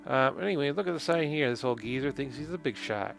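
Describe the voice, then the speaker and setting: A man's voice: medium pitch, animated, fast, vocal fry, a bit bright, soft background music. A man narrating a game playthrough in casual commentary, with joking, sarcastic asides and frequent laughter. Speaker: let's play commentator.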